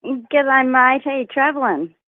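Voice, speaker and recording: A woman's voice: high voice, animated, moderate pace, no room sound. An Australian woman calling into a show, friendly and slangy, laughing easily. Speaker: caller. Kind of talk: casual phone call. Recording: tinny phone line.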